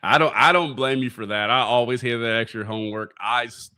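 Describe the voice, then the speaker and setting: Young dude on a sports podcast, bright voice, chill storytelling, chuckles a lot. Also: male voice, medium pitch, steady tone, brisk, clear, resonant tone. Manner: laid-back storytelling with laughter. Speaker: co-host. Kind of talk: casual sports podcast chat.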